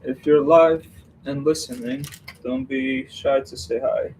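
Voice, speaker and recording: A man's voice: medium pitch, fairly even intonation, a little slow, a little mellow, a little hiss or hum. A man hosting a live stream, chatting casually and rambling while he builds, greeting viewers by name and laughing at himself.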